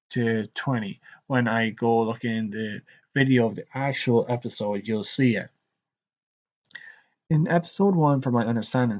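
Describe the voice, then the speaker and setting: A man with a rural Irish accent, rambling conversationally as he streams his commentary straight to his viewers. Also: mid-range voice. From Ireland. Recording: dull lo-fi live stream audio.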